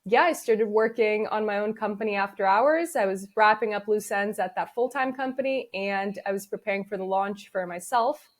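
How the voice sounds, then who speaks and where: This young adult woman has a medium-pitched voice and a normal pace. Appearing as a business founder guest in an interview, she spins stories casually and animatedly, acting out any dialogue she quotes.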